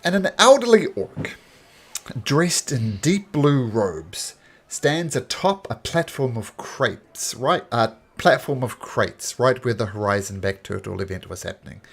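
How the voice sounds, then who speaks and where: Gravelly, lively game master man. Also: medium pitch, unhurried. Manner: relaxed, rambling narration with fillers. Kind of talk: narrating a tabletop game.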